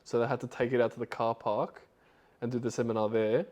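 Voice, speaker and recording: A man's voice: mid-range voice, level tone, fast talker, darkish tone. A man hosting a podcast, retelling a story in a loose, rambling way with lots of fillers. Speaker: podcast host.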